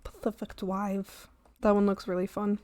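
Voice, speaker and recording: A young woman streaming her art, chatting playfully with viewers, silly and quick to squeal and laugh. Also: medium pitch, little pitch movement, dark tone, no room sound. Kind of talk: casual chat with live viewers.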